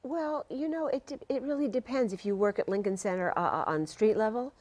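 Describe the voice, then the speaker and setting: An older actress, a guest on a talk show, telling stories with lively energy and laughing through them. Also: female voice, fairly high pitch, fairly quick. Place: TV studio.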